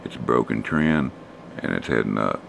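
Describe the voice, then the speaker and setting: A man, hoarse and losing his voice, casually talking through stock charts for a live stream audience. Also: rumbling low, moderate pace, a little hiss or hum. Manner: relaxed, rambling, talks to chat viewers.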